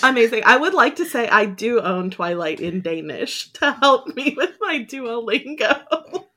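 A woman's voice: on the high side, sing-song, unhurried, sharp tone. A woman co-hosting a podcast, chiming in with playful, giggly asides. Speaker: podcast co-host. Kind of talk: casual chat.

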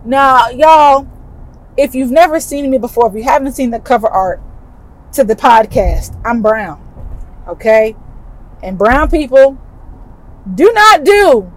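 Animated woman podcast host telling a story. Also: sits high, a little slow, pauses often, rough recording. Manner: animated, emphatic, conversational. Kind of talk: personal storytelling monologue.

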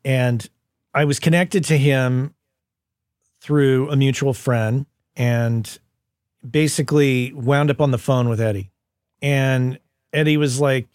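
A man's voice: medium pitch, a little slow, no echo, clean studio sound. A man hosting a podcast, telling stories in casual conversation and livening up the people he quotes. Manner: storytelling, animated when quoting people. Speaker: podcast host.

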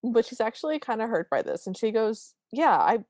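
A woman's voice: on the high side, sing-song, fairly quick, darkish tone, no echo. A woman co-hosting a podcast, casually recapping a movie scene by scene and acting out the characters' lines. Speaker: podcast co-host.

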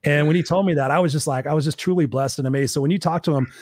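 A man speaking in casual chat, telling a story fast and emphatically, with words like "literally" repeated. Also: a little high, darkish tone.

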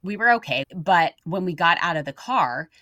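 A woman's voice: fairly low pitch, moderate pace, no room sound, clean studio sound. A young adult woman co-hosting a faith podcast, telling stories earnestly and acting out what people said. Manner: earnest storytelling, animated quoted voices. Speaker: podcast co-host. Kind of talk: casual faith podcast chat.

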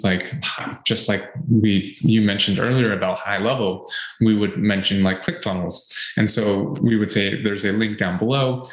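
Earnest low-voiced podcast co-host man. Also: roomy sound, rough recording. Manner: earnest, repeats points with fillers. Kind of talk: casual advice chat.

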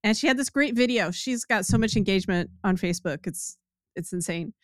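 A woman's voice: medium pitch, a little fast, dry recording, studio quality. A woman co-hosting a podcast in casual chat, telling stories and laughing often. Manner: giggly, storytelling, laughs often. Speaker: podcast co-host.

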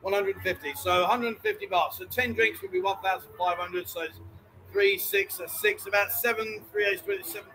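A man's voice: sits high, steady tone, moderate pace, bright, forceful tone, slight background noise, rough recording. A man hosting a casual live stream from a bar, chatty and jokey, calling people mate and darling. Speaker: host.

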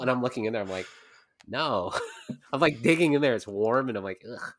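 A man's voice: medium pitch, brisk, no room sound. A young adult man co-hosting a podcast in casual chat, rambling through anecdotes with lots of swearing and laughter. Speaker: podcast co-host.

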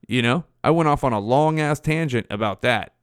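A man's voice: mid-range voice, moderate pace, clear, resonant tone, no room sound. Male podcast host, forties, loose cursing storyteller, dry mic. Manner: profane, rambling, animated. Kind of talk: casual storytelling.

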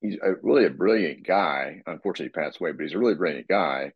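Super deep husky guy rambling casually on a podcast, dry close sound. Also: quick pace, no room sound, dull audio. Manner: relaxed, rambling with frequent restarts. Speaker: co-host, fitness expert.

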